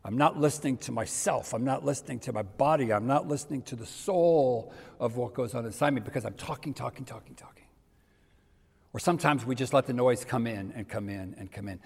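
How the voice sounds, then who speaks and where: An older man preaching a sermon in a conversational way, dropping to soft near-whispers for emphasis. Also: medium pitch, brisk, creaky, breathy edge. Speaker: pastor. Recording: reverberant hall.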